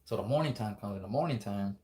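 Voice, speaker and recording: A man's voice: fairly low pitch, lively intonation, fast talker, dark tone. A man telling a spooky story in a casual, rambling, profane way, acting out the dialogue as he goes.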